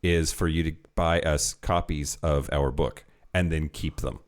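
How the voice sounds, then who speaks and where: A man's voice: very deep voice, fairly even intonation, a little slow. A man co-hosting a podcast in casual chat, wry and rambling with crude jokes. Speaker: podcast co-host.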